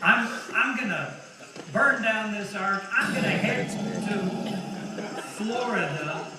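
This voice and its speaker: A man plays a frazzled, ancient Noah, high-pitched and slow, stammering and pleading in an exasperated whine. The voice sounds distant in a large, echoing hall with heavy noise behind it. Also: lively intonation, exaggerated voice. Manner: stammering, whiny pleading with repeated stutters. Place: large hall at a talent show. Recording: echoey hall from far off, noisy.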